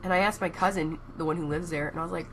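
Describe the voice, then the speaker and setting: A woman's voice: lowish voice, steady tone, very fast, soft background music. A young Texan woman chatting casually and rambling on a live stream, laughing at herself as she goes. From Texas.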